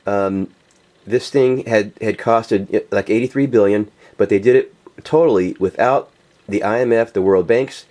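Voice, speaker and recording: A man's voice: lowish voice, moderate pace, darkish tone. A man ranting in a casual, profane monologue, full of fillers and restarts, addressing viewers directly. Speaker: political video commentator.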